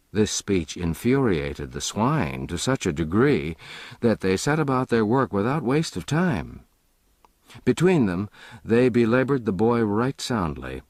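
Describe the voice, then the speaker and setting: A man narrating a classic novel as an audiobook, measured and expressive. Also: lowish voice, no echo, studio quality.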